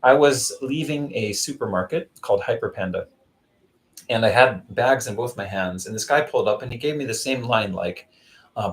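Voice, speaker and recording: A man's voice: mid-range voice, moderate pace, rough recording. A man chatting casually on a live vlog stream, rambling through stories and answering viewers by name. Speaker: vlogger doing a live stream. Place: Zamboanga City.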